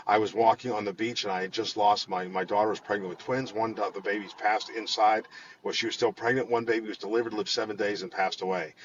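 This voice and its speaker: Male guest, rushed talker with a lowish voice, chatty interview storyteller. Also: muffled recording, a little hiss or hum. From Pittsburgh area. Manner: animated storyteller with many restarts and repeated words. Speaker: guest, financial firm head.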